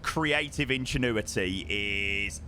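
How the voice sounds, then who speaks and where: A man's voice: on the low side, slow pace, noisy background. A young man streaming a flight sim, chatting casually with his chat and calling people mate, his voice strained because he is losing it.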